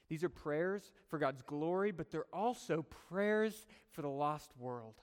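Male preacher, higher register, casual conversational sermon delivery, long hall reverb. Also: lively intonation, a little slow, few pauses, smooth. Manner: conversational, chuckling asides.

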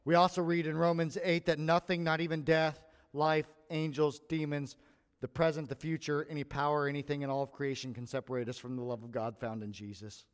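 A man preaching a sermon with animated delivery, acting out the voices he quotes. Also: on the high side, a little fast, clear, resonant tone. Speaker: pastor. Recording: long hall reverb.

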